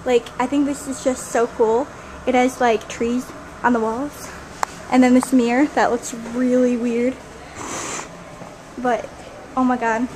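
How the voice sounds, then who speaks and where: A teenage girl talks in a giggly, chatty way on her own vlog. Her voice sits high. The camera audio carries a clear layer of background noise. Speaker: vlogger. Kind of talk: casual vlog chat. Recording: noisy home camera audio.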